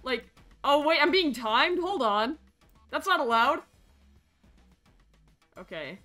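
A woman streaming a game from her basement, chatty and excitable, with game music behind her. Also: high-pitched, slow. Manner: excitable, chatty, bursts into shrieks and laughter. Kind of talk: casual gameplay streaming. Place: home basement.

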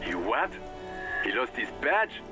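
Swearing, fed-up cop in a game, mid-pitched. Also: male voice, very animated, slow, music in the background. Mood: exasperated. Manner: profane and exasperated. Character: foul-mouthed male police officer in the background.

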